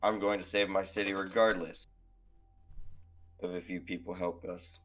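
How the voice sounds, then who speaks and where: A man's voice: low-pitched, flat delivery, normal speed. A man playing a tabletop game, speaking in character in a blunt, defiant way. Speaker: player.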